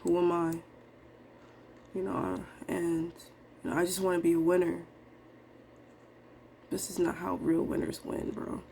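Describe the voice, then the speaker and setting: A young woman venting in a low, confessional way, rambling and dejected with casual slang. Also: flat delivery, a little slow, creaky, long pauses, mellow, slight background noise. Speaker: vlogger day trader. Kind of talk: emotional live trading vlog.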